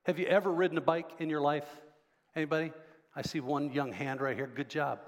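A man's voice: fairly high pitch, fairly even intonation, fairly quick, in a large hall. A man preaching a sermon as pastor, talking conversationally and quizzing the congregation. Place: church sanctuary.

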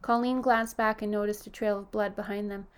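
A woman reading a horror story aloud as narrator, steady and even, lifting her voice slightly for the characters' quoted lines. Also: medium pitch, fairly quick, smooth.

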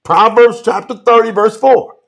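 A man preaching on a live stream, animated, calling out to viewers by name and reading scripture slowly for emphasis. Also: high-pitched, vocal fry. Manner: Southern-style 'y'all' address, drawn-out emphatic reading. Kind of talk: livestream sermon reading scripture.

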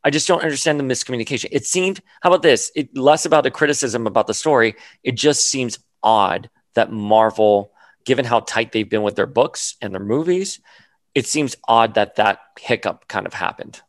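A man hosting a casual chat, animated and quick to swing into mock outrage, with touches in his speech. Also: mid-range voice, no echo. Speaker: podcast host.

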